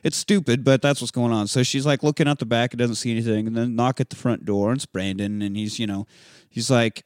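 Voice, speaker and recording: A man's voice: mid-range voice, a little fast, dry recording. A casual man retelling a movie, dry sound. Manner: animated storytelling, acting out characters' lines. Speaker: podcast co-host recapping a film. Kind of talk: casual profane chat.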